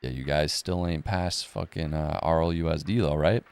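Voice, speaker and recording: A man's voice: very deep voice, moderate pace, gravelly, a little mellow, smooth. A man hosting a casual crypto and economy commentary video, talking bluntly with plenty of swearing. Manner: blunt, profane, rambling.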